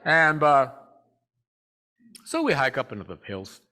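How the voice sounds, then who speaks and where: Easygoing man telling a rambling story. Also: medium pitch. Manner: relaxed, rambling, with frequent "uh" pauses; talks directly to the congregation. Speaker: guest speaker at a spiritual community. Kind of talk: casual storytelling Sunday talk.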